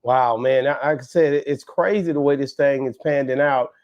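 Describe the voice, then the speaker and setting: A man talking in a relaxed, casual chat, often restarting his sentences with "uh" and "you know". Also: mid-range voice, normal speed. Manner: relaxed, hesitant with repeated starts. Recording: slightly dull lo-fi audio.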